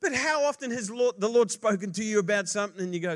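A male pastor preaching a sermon, swinging between hushed asides and loud emphasis, and joking casually with the congregation. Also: high-pitched, expressive, quick pace.

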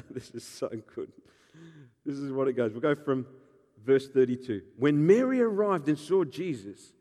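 Animated pastor in an echoing hall. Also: male voice, fairly high pitch. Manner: animated storytelling, acting out voices, joking. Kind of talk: sermon.

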